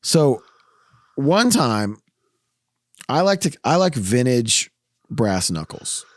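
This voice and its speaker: A man's voice: medium pitch, big pitch swings, slow, dry recording, studio quality. A man hosting a podcast in casual chat. He tells stories, laughs often and quotes people in his own voice. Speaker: podcast host.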